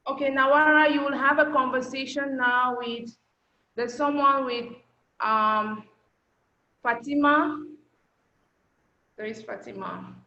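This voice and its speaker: Bright high-voiced woman teaching online. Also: steady tone. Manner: patient, slows down to model phrases. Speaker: language teacher. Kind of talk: online class instruction. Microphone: video call. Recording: echoey, dull lo-fi call audio.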